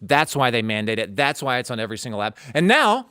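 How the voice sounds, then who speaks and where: Animated, sarcastic man, dry sound. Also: mid-range voice, quick pace, clean tone, no room sound. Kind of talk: political commentary chat.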